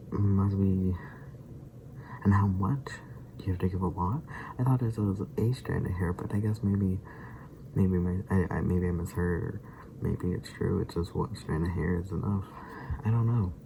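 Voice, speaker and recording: Gravelly low-voiced man rambling. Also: steady tone, measured pace, pauses often, background noise. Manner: rambling, hesitant, laughs often. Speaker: daily vlogger. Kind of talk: casual reaction chat.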